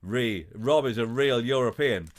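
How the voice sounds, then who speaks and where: A man hosting a live-streamed quiz, chatting in a halting way with lots of filler sounds and reading out viewers' guesses playfully. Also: mid-range voice, expressive. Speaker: host of a live-streamed show.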